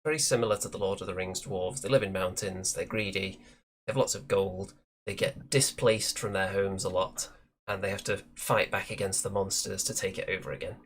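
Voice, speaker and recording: A man hosting a casual hobby chat show, talking in a relaxed, chatty way and thinking aloud. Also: low voice, a little fast. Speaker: show host.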